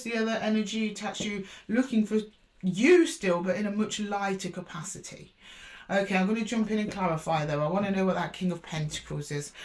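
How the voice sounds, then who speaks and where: A woman talks through a tarot spread in a loose, chatty way. She repeats card names as she draws them, trips over her counting and corrects herself. Her tone stays reassuring throughout, at a middling pitch. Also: a little mellow. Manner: chatty and reassuring with frequent fillers and self-corrections. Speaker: tarot reader. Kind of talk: casual spoken tarot reading.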